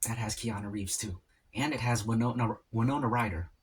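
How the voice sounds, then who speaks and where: A man in a casual solo eating vlog, rambling and musing aloud with pauses as he chats about movies. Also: fairly low pitch, husky. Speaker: mukbang vlogger. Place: home, at a table eating.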